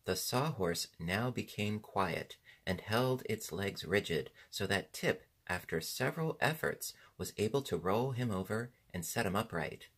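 A man narrates a storybook audiobook in a measured, expressive way. His voice sits low and a bit husky, with lively rises and falls that keep the telling animated. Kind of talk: scripted narration.

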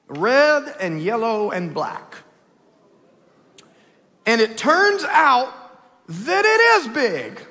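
A man preaching a lively Easter sermon in a church, swinging between loud calls and hushed storytelling. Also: very high voice. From Texas. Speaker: pastor. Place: church sanctuary, live service. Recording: long church hall reverb.

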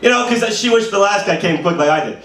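A man's voice: high voice, lively intonation, quick pace, crowd noise. A man who grew up in Brooklyn doing a rambling stand-up set at an open mic, full of "you know". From Brooklyn, New York. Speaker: stand-up comedian. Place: small bar comedy room. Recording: roomy live room, mic heard from a distance, faint hiss.

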